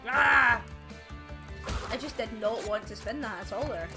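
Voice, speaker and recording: A woman's voice: mid-range voice, animated, a little fast. A woman chatting casually as she plays a video game, rambling with plenty of fillers and little laughs. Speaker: let's play gamer. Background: game music.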